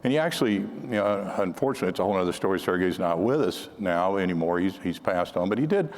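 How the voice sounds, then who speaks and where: An older man with a lowish voice gives a conference talk, spinning anecdotes in a loose, conversational way. His sentences often restart midway. The sound carries the long reverb of a large hall. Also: animated, fast. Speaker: conference speaker on counterintelligence. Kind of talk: storytelling talk to an audience.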